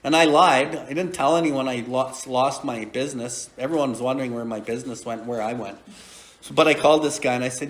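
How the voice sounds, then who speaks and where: A man's voice: medium pitch, a little fast, reverberant. A man in his forties hosting a recovery podcast, telling a story in a blunt, profane, casual way with frequent laughter. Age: 40s.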